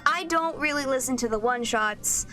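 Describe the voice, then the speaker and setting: A woman's voice: high voice, normal speed. A young woman streaming a game and chatting casually, rambling and playful with a sing-song lilt. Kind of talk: casual chat while gaming. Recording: loud game music behind.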